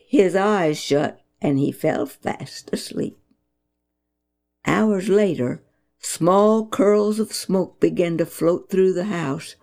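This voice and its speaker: A woman reads a children's story aloud with expressive, gentle delivery. She takes it slowly, and her voice rises and falls a lot. A gravelly fry runs through it. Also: medium pitch. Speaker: narrator. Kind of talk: storybook reading.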